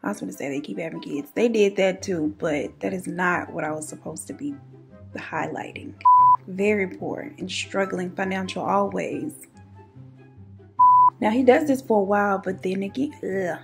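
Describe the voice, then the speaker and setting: A woman's voice: mid-range voice, a little fast, gravelly, faint music behind. A woman, telling a true crime story in a casual, sassy way while doing her makeup at home. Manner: chatty, sassy asides. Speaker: beauty and true crime YouTuber.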